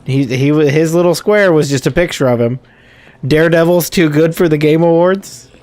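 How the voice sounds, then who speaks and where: A man's voice: on the high side, normal speed, darkish tone, no echo. A man hosting a gaming video, rambling casually in let's-play commentary and correcting himself as he goes. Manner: rambling, chatty, self-correcting.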